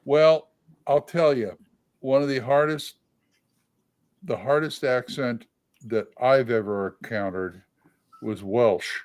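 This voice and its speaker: A man co-hosting a casual chat, talking in an animated way and hopping from one tangent to the next. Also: medium pitch, takes it slowly, long pauses. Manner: animated, jumps between tangents. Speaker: co-host.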